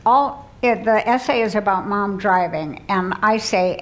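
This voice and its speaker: A woman's voice: mid-range voice, unhurried, few pauses, poor audio. A woman in her sixties, from the Midwest, telling self-deprecating stories in a humorous luncheon speech. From Midland, Michigan, US. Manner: warm self-deprecating storytelling with laughs. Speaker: keynote speaker. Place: luncheon hall.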